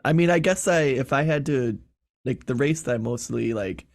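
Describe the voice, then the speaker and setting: A man's voice: medium pitch, moderate pace, creaky. A man from Michigan with a Michigan accent, a podcast guest who rambles with lots of fillers and laughs often. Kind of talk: casual chat.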